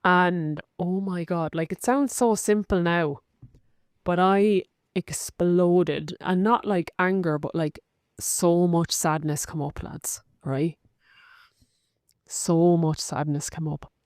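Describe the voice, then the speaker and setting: A low-pitched Irish woman hosting her podcast in a casual confessional monologue. She talks in a loose, chatty way, peppering her speech with "like" and "right". Her voice is close and dry, with no room sound around it. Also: takes it slowly, a little mellow, clear, resonant tone, dry recording. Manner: chatty, frequent likes and rights, open and personal. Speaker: podcast host.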